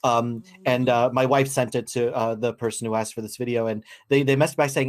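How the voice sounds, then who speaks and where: A Midwestern-accented man in his forties, a guest on a casual video call. His voice sits at an ordinary middle pitch, and he talks with dry, self-deprecating humor. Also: steady tone, a little fast, hardly any pauses. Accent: Midwestern American. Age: 40s.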